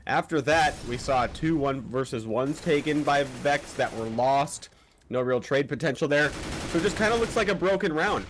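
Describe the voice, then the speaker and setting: A man's voice: a little high, expressive, moderate pace, slight background noise. A man doing chatty, analytical color commentary on a match, asking rhetorical questions.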